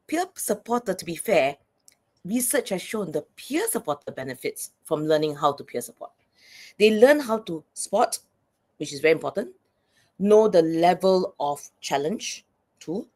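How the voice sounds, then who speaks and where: A woman's voice: fairly low pitch, a little mellow. A woman speaking as a psychologist and coach guest in an interview, earnest and explanatory, often checking in with "right?".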